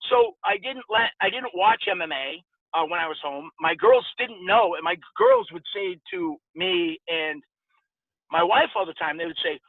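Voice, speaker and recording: A man's voice: sits high, animated, normal speed, no room sound. Middle-aged guy rambling thru stories on a podcast, does voices for people, sounds tinny like a phone line. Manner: rambling, many fillers, acts out quoted voices. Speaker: podcast guest, former fighter. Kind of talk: casual storytelling interview.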